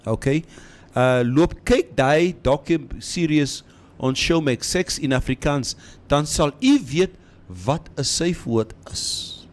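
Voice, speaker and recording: A man's voice: a little high, takes it slowly. A man in his fifties co-hosting a radio show from a studio, reading out listener comments between bursts of laughter and mixing English with Afrikaans. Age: over 50.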